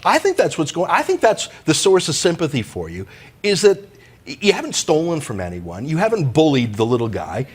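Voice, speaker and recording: Husky, lively man interviewing. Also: on the high side, fairly quick. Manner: persuasive, opinionated. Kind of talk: sympathetic TV interview.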